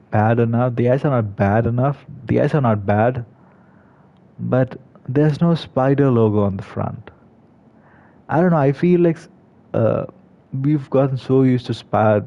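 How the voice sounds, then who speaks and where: A man's voice: mid-range voice, gravelly. Hesitant man, slightly muffled recording. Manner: hesitant, many fillers and restarts. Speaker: gaming video creator. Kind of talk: casual commentary.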